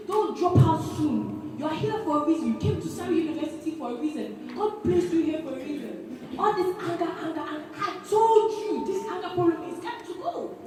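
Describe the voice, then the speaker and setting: A caring, devout mother soothes and lectures her frantic daughter, as a young woman acts her out. The voice is high. It sounds far away in a very echoey hall, with clear noise behind it. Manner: soothing, preachy, chuckling. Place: live stage in a hall.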